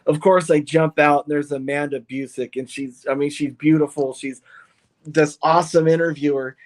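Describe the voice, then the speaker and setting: A man who owns and drives a funny car, telling stories in an excited, rambling way with lots of restarts on a podcast. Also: fairly high pitch, moderate pace. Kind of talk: podcast interview, casual storytelling.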